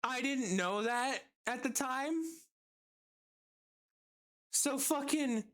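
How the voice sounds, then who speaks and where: Speaking extremely slowly in a high, slightly bright voice, a streamer recounts a story from work in a casual way. Swearing and laughing along, he performs the quoted customers and bosses.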